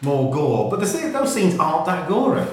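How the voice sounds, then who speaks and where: A man's voice: fairly high pitch, sing-song, normal speed, a little mellow. A man in casual film discussion, pressing his point firmly. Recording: very echoey room.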